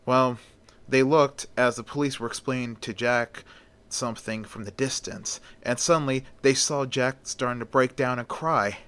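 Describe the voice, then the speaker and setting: A man's voice: medium pitch, moderate pace, fairly bright tone, clean tone. A man telling a story casually, in an easygoing, folksy way. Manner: folksy, often opens with "well".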